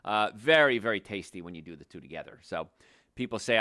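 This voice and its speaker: A man's voice: on the low side, lively intonation, fast talker, a bit bright, no room sound, studio quality. An older man, a chiropractor hosting a health show, explaining conversationally with restarts and stressed words. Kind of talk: health talk monologue.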